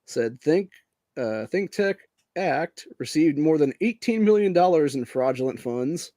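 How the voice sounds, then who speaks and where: Male commentary host, mellow tone, close and dry; profane, "dude"-heavy, reads the news and rants. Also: fairly high pitch, animated, measured pace, dry recording. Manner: profane, says "dude" constantly, grows heated; reads news items aloud while screen sharing. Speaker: podcast host. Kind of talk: casual political commentary.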